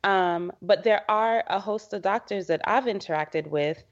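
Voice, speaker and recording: A woman's voice: mid-range voice, a little slow. A middle-aged woman speaking as a podcast guest who leads a women's health organization, earnest and conversational, acting out quotes as she talks. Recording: slightly dull, muffled podcast audio.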